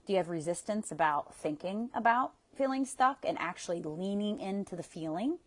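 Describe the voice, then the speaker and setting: A woman's voice: medium pitch, lively intonation, normal speed. A woman coach guiding listeners through a tapping session, speaking with soothing guidance and audible sighs between prompts.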